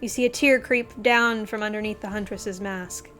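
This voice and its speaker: A young woman streamer reading game dialogue aloud, swinging between loud outbursts and hushed storytelling. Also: mid-range voice, fairly even intonation, moderate pace, soft background music.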